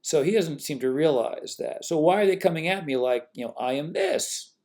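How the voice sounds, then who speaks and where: A man's voice: fairly high pitch, a little fast, mellow. A man delivering a casual, unscripted monologue to camera, with a mocking, combative tone, sarcastic asides and frequent restarts and self-corrections. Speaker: online religion commentator. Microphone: webcam or desk mic, talking to camera.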